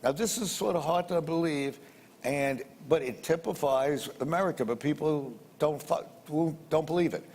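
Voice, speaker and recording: Breathy at the edges and on the high side, this older man's darkish voice moves at normal speed. An investor, he shares a business story conversationally, acting out dialogue and repeating phrases, amid long hall reverb and faint ambience.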